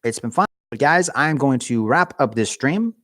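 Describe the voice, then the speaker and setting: In a casual livestream from his home garage, a cold male streamer rambles jokingly and mocks himself to his viewers. His voice is mid-pitched, animated and fairly bright, moving at a moderate pace and sounding close and dry, free of room echo.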